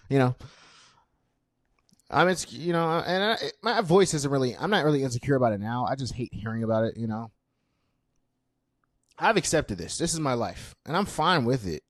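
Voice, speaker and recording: A man's voice: medium pitch, expressive, normal speed, pauses often, no room sound, clean studio sound. A young man in his twenties hosting a casual solo podcast, chatty and self-deprecating with lots of fillers. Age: 20s. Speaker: podcast host.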